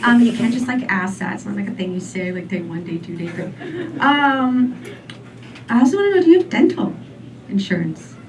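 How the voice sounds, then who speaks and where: A woman in her forties doing a stand-up comedy set, rambling and deadpan, full of "um" and "like". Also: medium pitch, normal speed. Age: 40s. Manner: rambling, filler-heavy, deadpan. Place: comedy club stage. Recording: distant mic with faint room noise.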